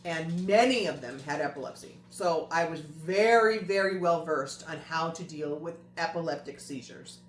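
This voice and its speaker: An earnest woman host recounts a family story in casual chat, her voice sitting on the low side. She leans on repetition to stress her points. The room rings with echo, and faint music plays underneath. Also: normal speed, hardly any pauses. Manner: earnest, repeats phrases for emphasis.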